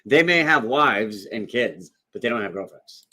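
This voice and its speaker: A man's voice: on the low side, lively intonation, normal speed, sharp tone, husky. A man co-hosting a casual livestream chat, laughing often and swearing casually. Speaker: co-host.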